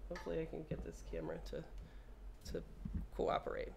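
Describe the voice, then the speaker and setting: A woman's voice: low-pitched, big pitch swings, quick pace, gravelly, a little mellow, slight background noise. A woman repair technician walking viewers through a hands-on demo in a casual, playful way, chatting to the device and cursing when things go wrong. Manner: playful, talks to the phone, swears when frustrated.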